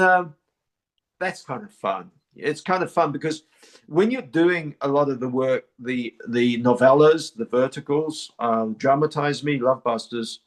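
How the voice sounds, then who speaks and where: A man from New Zealand, an actor being interviewed, talks casually and often repeats words and restarts his sentences. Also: mid-range voice. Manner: repeats words and restarts, many "you know".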